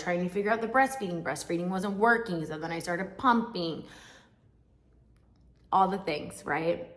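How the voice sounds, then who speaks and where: Speaking at a medium pitch with noticeable reverb, a young female vlogger candidly shares a personal story on camera. Her telling is emotional, open, and conversational, peppered with tangents.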